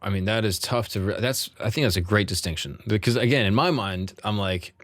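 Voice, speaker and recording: A man hosting a podcast, asking loose, slangy questions in a casual, animated way. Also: fairly low pitch, fast talker, hardly any pauses, no echo. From United States. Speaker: podcast host. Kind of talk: casual interview chat.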